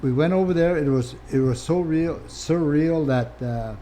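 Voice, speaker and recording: An older man from Canada, a former First Nations chief, telling his life story as an interview guest in a candid, plain-spoken way that swings from quiet to animated. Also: a little high, normal speed, slight background noise.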